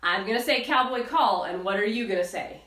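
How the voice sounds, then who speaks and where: A woman's voice: mid-range voice, fairly quick, a bit bright, far from the mic. A woman music teacher leading a live online lesson for young children, enthusiastic and sing-song. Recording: roomy echo with faint guitar.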